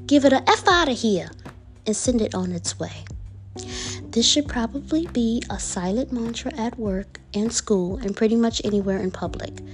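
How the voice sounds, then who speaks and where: A woman's voice: on the high side, darkish tone. Playful woman sliding into whispers. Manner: playful, drawn-out delivery that drops into whispers. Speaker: affirmation card reader. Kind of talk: casual affirmation vlog with whispered asides.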